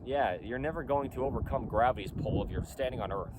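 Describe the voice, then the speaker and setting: Brisk and barely pausing, a medium-pitched man who founded a company vlogs casually outside. Faint traffic and wind can be heard as he insistently and emphatically repeats what he's saying.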